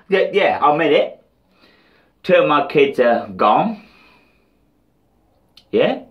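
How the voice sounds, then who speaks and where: A man's voice: medium pitch, muffled recording. A British man ranting in a rambling, profane, taunting diss vlog. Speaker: vlogger.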